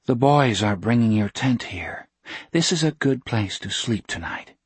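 A man reading a soft-spoken woman missionary doctor who talks slowly and weighs every syllable. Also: medium pitch, lively intonation, breathy edge, no echo. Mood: calm.

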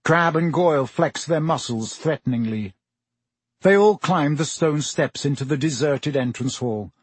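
A man narrates an audiobook with an expressive storytelling delivery. His voice sits a little high and has a husky grain. The recording is dry and close. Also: measured pace, dry recording. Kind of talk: audiobook reading.

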